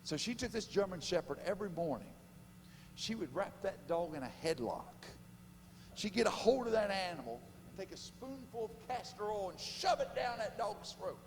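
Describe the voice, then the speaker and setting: Male preacher, slightly high voice, joking and quizzing the room, long church reverb. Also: animated, normal speed. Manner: jokey, laughs at his own stories, quizzes the crowd. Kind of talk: sermon at a men's conference. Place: church sanctuary. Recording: long hall reverb with faint hum.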